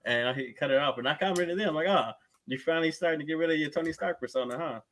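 A man co-hosting a casual podcast, telling a story in a calm, relaxed way. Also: fairly high pitch, fast talker. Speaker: podcast co-host.

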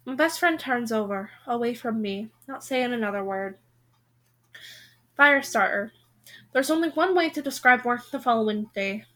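A woman reading a contemporary novel aloud in the first person, telling it with expression. Her voice is high and bright, with a clear, lively edge. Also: moderate pace. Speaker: reader.

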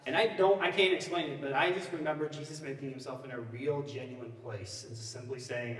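Casual joking pastor in an echoey church hall. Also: male voice, fairly high pitch, fairly quick, recorded from a distance. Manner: casual, joking, often asks the crowd "you know what I mean?". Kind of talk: sermon with personal storytelling. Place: church sanctuary.

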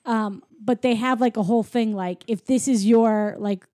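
High mellow woman retelling a movie, says like constantly, dry close sound. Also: fairly even intonation, moderate pace, no room sound. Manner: chatty, fills every sentence with "like". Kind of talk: casual chat recapping a film.

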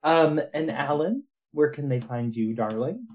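A man's voice: fairly high pitch, expressive, a little slow, a little mellow, muffled recording. A man hosting a podcast, signing off in a playful, gushing casual chat. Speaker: podcast host.

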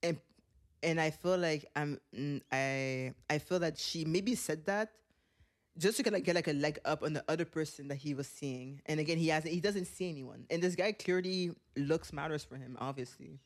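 A man with a fairly high voice co-hosts a casual podcast chat. He laughs a lot, gets animated, and jumps in quickly while talking over a reality show. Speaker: podcast co-host.

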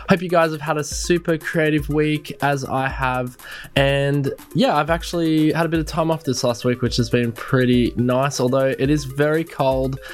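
A man hosting a casual podcast in an upbeat, enthusiastic way. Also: mid-range voice. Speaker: podcast host.

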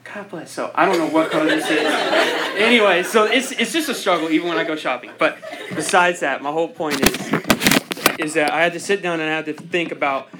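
A man's voice: a little high, fairly quick, very noisy. A young man giving an informal speech to a group. He rambles, fills his sentences with "like," and laughs at his own jokes. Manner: rambling, self-deprecating, laughs often; heavy use of "like" filler.

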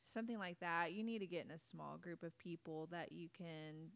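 A woman's voice: lowish voice, normal speed, gravelly. A middle-aged woman co-hosting a casual faith-based chat, bubbly, laughing often and acting out quotes. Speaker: podcast co-host.

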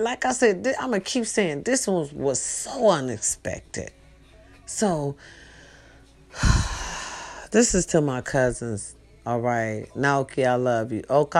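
A woman hosting a casual monologue for a live stream, talking straight to her viewers with loud outbursts and hushed asides. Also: medium pitch. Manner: tag questions, talks straight to her viewers. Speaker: host.

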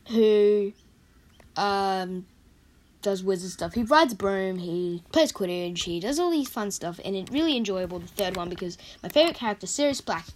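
A young woman with a croaky voice, rambling in a casual vlog about her favourite movies and correcting herself often. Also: lowish voice. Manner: rambling, chatty, self-correcting. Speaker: vlogger. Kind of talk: casual movie countdown chat.

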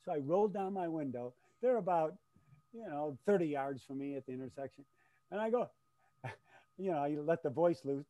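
An older man telling stories in a casual chat, animated and laughing often as he acts out his shouts. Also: fairly high pitch, fairly quick, dry recording, rough recording. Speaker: guest, race announcer. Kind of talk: casual storytelling.

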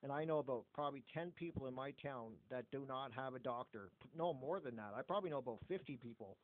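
A man's voice: medium pitch, quick pace, dry recording. A middle-aged Canadian man hosting a podcast in blunt, casual chat full of swearing. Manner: blunt, heavy swearing, animated. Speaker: podcast host. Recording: phone-like narrow audio.

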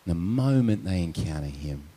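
With a low, mellow, husky voice, an adult man speaks expressively at a moderate pace. He's a pastor telling a story in a conversational sermon, tagging point after point with "right?"

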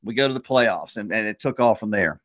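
A man's voice: on the low side, expressive, brisk, fairly bright tone, dry recording. A man hosting a podcast, a play-by-play announcer who talks with enthusiasm and lots of fillers. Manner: enthusiastic, lots of "you know". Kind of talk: casual podcast chat.

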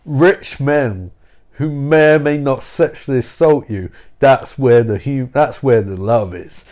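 A man's voice: mid-range voice, measured pace, a little mellow, voice pushed down, lightly acted. A man voicing a condescending woman from a book club in an improvised comedy story. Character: bossy women of a book club.

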